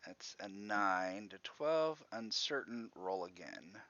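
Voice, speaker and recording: Lively, rambling game master, man. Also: fairly low pitch, slow pace, no room sound, muffled recording. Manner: rambling, laughs often, thinks aloud. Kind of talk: narrating a tabletop game.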